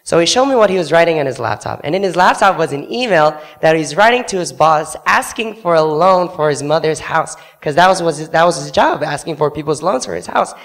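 A young man tells a church congregation his story in a fairly high voice with a gravelly edge. He speaks earnestly and acts out the people he quotes. He is recorded on a handheld microphone in a church sanctuary. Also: lively intonation, fairly quick, hardly any pauses, a bit bright, big-room sound. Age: young adult. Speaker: student literature evangelist.

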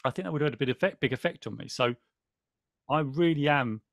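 A man hosts a podcast in a relaxed, rambling way, often restarting his sentences. His voice sits at a middling pitch, recorded close and dry with no room sound. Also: fast, vocal fry, no room sound. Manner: chatty, rambling, restarts often, thanks viewers. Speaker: podcast host. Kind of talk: casual podcast chat, reading aloud from a book.

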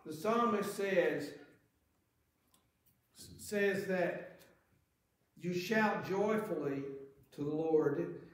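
A man's voice: sits high, extremely slow, pauses often. A man preaching a sermon, earnest, reading scripture aloud with rising emphasis. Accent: Southern American. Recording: very echoey church hall.

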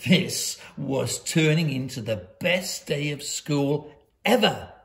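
A woman reading a children's picture book aloud at a school, with lively, dramatic delivery and slow pauses. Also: deep voice, gravelly. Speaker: school storyteller.

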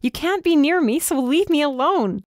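A woman voicing a frightened but defiant young female student, emphatic and often shouting. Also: mid-range voice, normal speed, dry recording, clean studio sound, lightly acted. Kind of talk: audiobook character voice.

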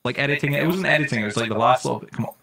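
Playing a game on a live stream, a man gives casual, jokey, excitable commentary and swears whenever something startles him. His mid-range voice is gravelly and comes out in rapid-fire bursts.

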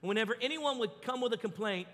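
A man preaching a sermon, telling the story with lively acted-out voices. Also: sits high, quick pace, in a large hall. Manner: animated storytelling, acts out voices. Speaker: pastor. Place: church.

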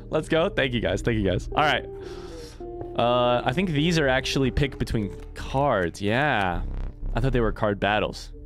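Animated man playing a video game. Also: mid-range voice, measured pace, over music. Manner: animated, swears, thinks aloud. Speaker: let's play streamer. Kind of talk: casual game commentary.

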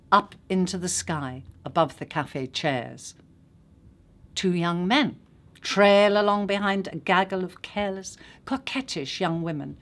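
An actress reading a literary short story aloud in a measured, unhurried way. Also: female voice, fairly low pitch.

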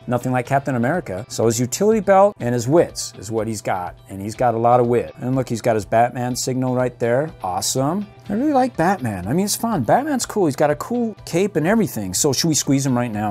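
Animated, jokey middle-aged man. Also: mid-range voice, breathy edge. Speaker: toy reviewer. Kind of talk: casual toy unboxing commentary.

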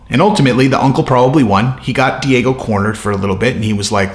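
Male fight commentator, sarcastic animated rant, mid-pitched voice, echoey room. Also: fast talker, hardly any pauses. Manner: animated, profane, sarcastic riffing. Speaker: MMA commentator. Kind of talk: ranting commentary vlog.

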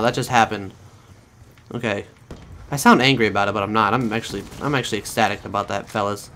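A man's voice: fairly low pitch, fast talker. Foul-mouthed man commentating his gameplay. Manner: profane, excitable, talks to his viewers. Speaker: gaming channel host.

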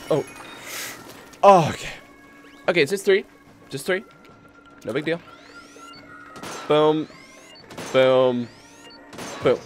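A man commentating his own gameplay on a live stream, excitable and rambling, easily spooked by the game, with game music behind him. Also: fairly high pitch, unhurried, pauses often. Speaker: gaming streamer.

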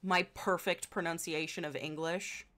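A woman with an Indiana accent chatting casually with her viewers as a livestreamer, in a wry, joking way and quick to laugh. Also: fairly low pitch, fairly even intonation, a bit bright. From Indiana, United States.

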